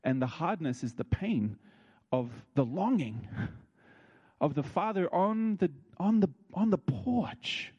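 A man preaching a sermon, telling stories and acting out what people said, with his voice leaping high when excited. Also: slow pace, husky, highs cut off. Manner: animated, leaps high when excited, acts out quotes. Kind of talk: sermon with storytelling.

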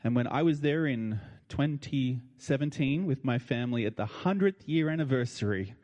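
An older Australian man tells a personal story with plain, heartfelt emotion and casual turns of phrase. His mid-pitched voice carries a long reverb from a large hall. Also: expressive, normal speed, darkish tone. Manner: colloquial and heartfelt, with feeling in his voice. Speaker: speaker addressing an audience.

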